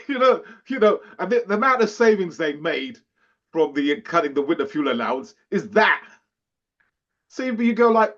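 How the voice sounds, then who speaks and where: A man's voice: high-pitched, very animated, unhurried, fairly bright tone. A man co-hosting a podcast, chatting casually and animatedly, laughing and acting out quotes. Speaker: podcast co-host. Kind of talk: casual chat. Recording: dull lo-fi sound.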